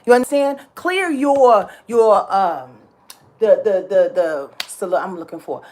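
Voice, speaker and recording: A woman's voice: a little high, sing-song, a little slow, darkish tone. A woman giving a casual astrology talk, passionate and dramatic, emphatic and repetitive, with slang and swearing. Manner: profane and slangy.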